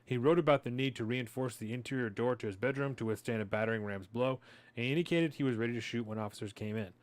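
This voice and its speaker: A man's voice: mid-range voice, fast talker. A man co-hosting a podcast, making sardonic remarks and reading a news article aloud. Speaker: podcast co-host.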